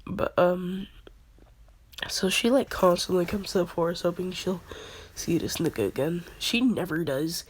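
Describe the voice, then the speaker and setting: A woman's voice: on the low side, a little slow, slightly rough. A woman casually telling a fan-made story in slang, laughing often.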